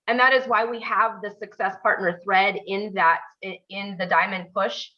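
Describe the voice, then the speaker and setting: A woman's voice: medium pitch, steady tone, moderate pace. Woman hyping her team on a video call, kinda far from the mic, dull muffled sound. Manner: emphatic, gushing, repeats for stress. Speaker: team leader hosting a mentor call. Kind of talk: motivational group video call.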